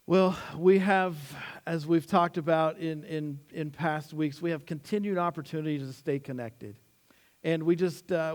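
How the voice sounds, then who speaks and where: A man pastor delivers a sermon in a high, light voice at an unhurried pace. He tells stories with animation, jumping up when he voices quotes, then sinks low and slow to land his main points. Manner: animated storytelling, acting out quotes with rising pitch; slows down and drops low on key words.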